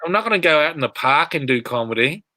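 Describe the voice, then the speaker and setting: A man telling stories as a comedian guest on a video call, rambling and animated, shouting out quoted lines. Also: a little high, fast, no room sound. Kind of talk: casual interview storytelling.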